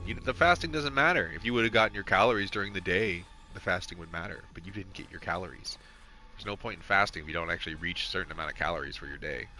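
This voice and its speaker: Deep-voiced chatty male game streamer. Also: quick pace, a little hiss or hum. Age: middle-aged. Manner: chatty, excitable, swears at the game. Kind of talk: casual live stream chat. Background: game music.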